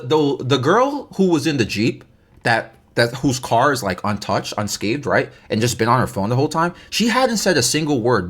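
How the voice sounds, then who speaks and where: A man's voice: medium pitch, slightly rough. Guy doing a storytime, rambly and slangy, keeps restarting words, voice jumps around a lot. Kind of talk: casual story time.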